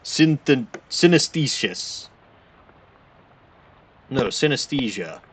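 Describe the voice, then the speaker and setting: A man's voice: medium pitch, expressive, slow pace, husky. A man streaming a game, chatting casually and rambling to himself as he plays, often correcting his own words.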